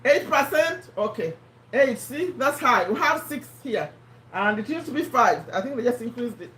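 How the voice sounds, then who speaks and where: A woman's voice: fairly high pitch, expressive, normal speed, a bit bright. A woman from Uganda with a strained, failing voice, hosting a casual live stream and chatting with viewers by name. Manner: chatty, addresses viewers by name, repeats points. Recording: roomy and distant from the mic.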